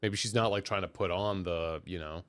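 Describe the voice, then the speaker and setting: A man's voice: low-pitched, moderate pace, fairly bright tone. A man co-hosting a podcast, chatting casually and laughing a lot. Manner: laid-back, laughs a lot. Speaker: podcast co-host. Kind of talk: casual chat.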